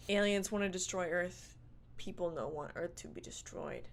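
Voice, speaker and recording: A woman's voice: lowish voice, normal speed, slight background noise. Playful, sarcastic young woman vlogger. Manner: playful, sarcastic, swears casually. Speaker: movie review vlogger. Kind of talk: casual movie review.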